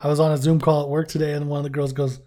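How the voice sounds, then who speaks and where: A man's voice: fairly high pitch, level tone, rapid-fire, dark tone. A man co-hosting a podcast, chatting casually about a TV episode, joking, rambling and swearing freely. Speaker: podcast co-host. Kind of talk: casual chat, reviewing a TV episode.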